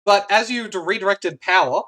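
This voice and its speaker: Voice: medium pitch, fairly quick, a bit bright. A game master running a tabletop game, rambling with many restarts and laughter.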